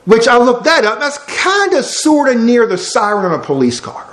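A man's voice: extremely high pitch, big pitch swings, normal speed, a bit bright. A man preaching a sermon, folksy and emphatic, with lots of rhetorical questions. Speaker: pastor. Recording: roomy church hall sound.

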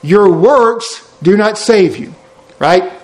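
A fairly high-voiced man preaches a lively sermon. He swings between loud declarations and hushed, drawn-out words, with folksy asides to his congregation. The voice rings out in a roomy, echoey church. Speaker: pastor.

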